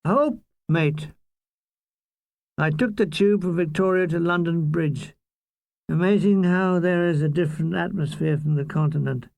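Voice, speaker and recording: Guy reading his own funny memoir, deadpan and cheeky, gravelly highish voice, dry close mic. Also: no echo. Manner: deadpan, irreverent comic delivery. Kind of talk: audiobook memoir narration.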